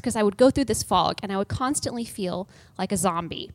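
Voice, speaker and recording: A woman's voice: medium pitch, brisk, hardly any pauses, darkish tone. A woman on a podcast telling a humorous, self-deprecating personal story in a casual way. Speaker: podcast guest.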